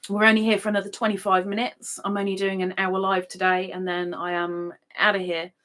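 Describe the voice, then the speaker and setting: A woman's voice: mid-range voice, flat delivery, a little fast, fairly bright tone. A woman in middle age, hosting a casual live stream and reading out viewers' chat with playful, sing-song repetition of names. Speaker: livestream host.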